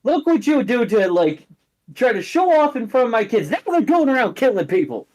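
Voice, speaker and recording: A man doing a shrill nagging superhero mom. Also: sing-song, normal speed, a little mellow, exaggerated voice, rough recording. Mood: scolding. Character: overprotective scolding mother with fire powers.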